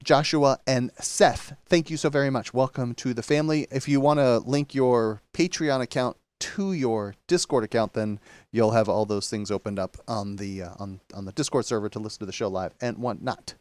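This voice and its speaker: A man's voice: medium pitch, moderate pace, a little mellow, no room sound. A man hosting a podcast in casual chat, easygoing and agreeable. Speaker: podcast host.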